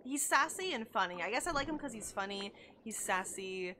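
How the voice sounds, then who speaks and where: A woman's voice: medium pitch, lively intonation, normal speed, pushed and bright, slight background noise. A young woman chatting casually and gushing while she streams a video game, with lots of likes and oh my gods. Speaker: gaming streamer. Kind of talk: casual live-stream chat while playing.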